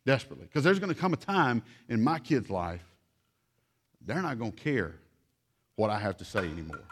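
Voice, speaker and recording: A man's voice: lowish voice, big pitch swings, moderate pace, slightly rough. Earnest pleading male pastor. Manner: earnest, urgent pleading to the congregation. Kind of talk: sermon.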